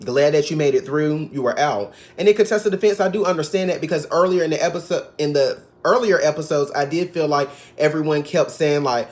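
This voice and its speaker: Man, recap vlogger, sassy gossip, slightly high voice, casual chat. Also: brisk, few pauses.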